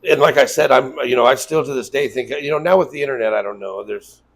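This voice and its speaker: A man's voice: medium pitch, fast talker, gravelly, rough recording. Man, tattoo shop owner, casual interview, swears a lot, acts out quotes. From Las Vegas. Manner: loose, profane storytelling with acted-out quotes.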